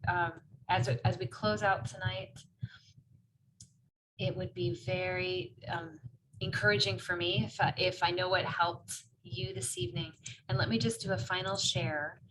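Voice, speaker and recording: Soft-spoken woman leading an online workshop. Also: fairly low pitch, steady tone, unhurried. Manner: gentle, encouraging, with many fillers. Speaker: workshop facilitator. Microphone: video call. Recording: noisy video call audio.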